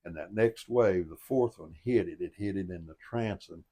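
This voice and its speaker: A man's voice: deep voice, normal speed, warm tone, husky. An older man telling a boating story in a folksy, plain-spoken and earnest way, as a motivational storyteller. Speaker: storyteller and life coach.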